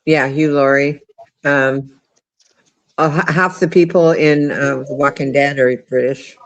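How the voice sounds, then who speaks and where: A man's voice: fairly high pitch, steady tone, measured pace, highs cut off. A man hosting a livestream in casual chat, laughing often and restarting his sentences. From United States. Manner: chatty, laughing, many restarts. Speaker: livestream host.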